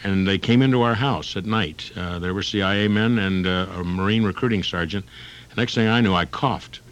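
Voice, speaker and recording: A man's voice: sits low, brisk. An older man, a comedian, rambling and improvising on a talk radio show, slipping into bits with lots of ums. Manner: rambling, jumps into characters, frequent ums. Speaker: comedian guest.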